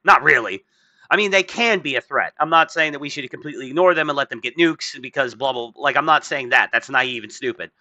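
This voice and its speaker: A man's voice: medium pitch, quick pace, pushed and bright, dry recording, muffled recording. A man hosting a podcast, rambling in casual political chat, swearing and putting on mocking voices. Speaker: podcast host.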